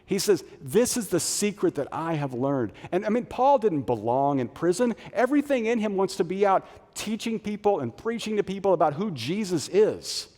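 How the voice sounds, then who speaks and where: A middle-aged man preaching a sermon as a pastor, animated, moving between loud punchy lines and soft low phrases. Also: normal speed, few pauses. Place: church auditorium. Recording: long reverb of a large hall.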